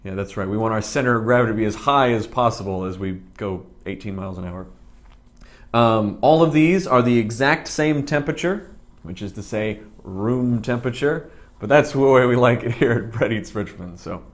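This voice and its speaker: A man's voice: mid-range voice, expressive, normal speed. A man reviewing cafe drinks and pastries in a casual vlog, with a dry, rambling sense of humor and plenty of asides, speaking. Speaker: food vlogger.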